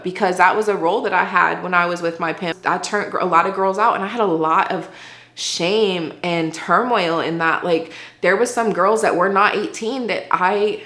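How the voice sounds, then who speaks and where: A woman's voice: on the low side, moderate pace, a bit bright, reverberant. A woman giving an earnest, conversational faith testimony as an interview guest, often saying "like". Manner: earnest, conversational, heavy use of "like".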